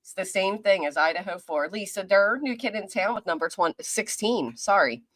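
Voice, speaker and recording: A woman's voice: mid-range voice, animated, moderate pace, a bit bright, no echo. Chatty woman host greeting viewers. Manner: chatty and friendly, reading out viewer names. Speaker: livestream host. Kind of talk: casual chat greeting live viewers. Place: apartment.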